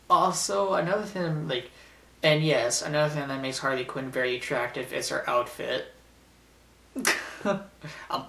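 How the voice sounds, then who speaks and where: A man's voice: fairly high pitch, vocal fry, a bit bright. A man hosting a casual top-ten video, rambling with lots of fillers and giggles as he talks through his picks. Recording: roomy, distant from mic.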